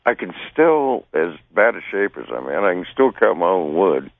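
A man's voice: deep voice, lively intonation, brisk, creaky, no room sound. A man in his sixties calling in, talking in a folksy, rambling way about life in the mountains. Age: 60s. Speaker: caller. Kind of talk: casual chat. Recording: tinny phone line.

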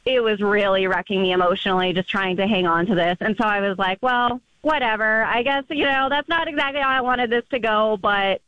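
A woman's voice: mid-range voice, brisk, hardly any pauses, a bit bright, no echo. A woman calling in to a radio show, telling her story in a chatty way, full of "like" fillers. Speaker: caller. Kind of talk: phone-in storytelling. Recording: muffled phone line.

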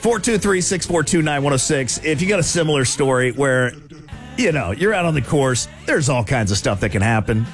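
A man hosting a radio talk show, telling a funny story with loud asides and frequent laughter. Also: medium pitch, a little fast, faint music behind. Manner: animated, laughing storyteller with big voiced asides.

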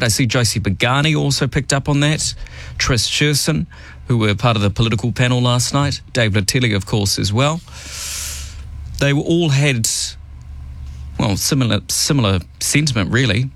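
A man's voice: medium pitch, moderate pace. A man hosting a morning radio show, chatting wryly about politics and running through the news. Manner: chatty, wry, lively. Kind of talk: casual radio talk and news rundown. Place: radio studio.

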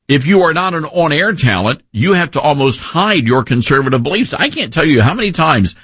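Male radio host, talk show monologue, expressive pitch, slightly husky, dry studio sound. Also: a little fast, no echo. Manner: animated, conversational storytelling with repeated restarts.

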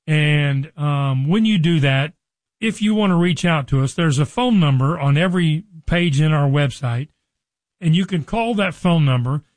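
A man hosting a radio talk segment about his business, folksy and repeating details slowly for listeners. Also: on the high side, a little mellow, dry recording, rough recording. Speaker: radio show host and business broker.

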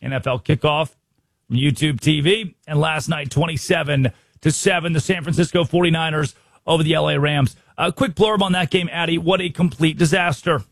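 A man from the United States hosting a sports radio show, running through games quickly and emphatically. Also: on the high side, fairly even intonation, gravelly, no room sound. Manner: rapid, emphatic rundown of games.

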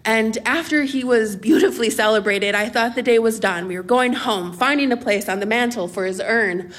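A young adult woman telling a comic personal story on stage at a live storytelling event, animated and laughing as she talks. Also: fairly high pitch, normal speed. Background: audience laughter.

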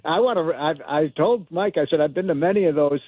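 A man calling in as a guest on a talk radio show, talking in an animated, rambling way with lots of fillers. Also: a little high, fast talker, no echo. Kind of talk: phone-in interview. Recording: tinny phone line, dry.

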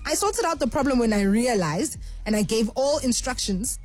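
Animated woman radio host. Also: a little high, moderate pace, husky. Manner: animated storyteller, acts out voices. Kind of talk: call-in radio chat. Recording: faint music bed behind.

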